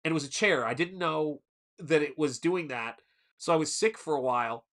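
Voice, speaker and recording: A man's voice: a little high, normal speed, a bit bright. A man hosting a casual livestream chat, telling long stories with frequent restarts and laughs. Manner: rambling storyteller, restarts and laughs. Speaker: livestream host.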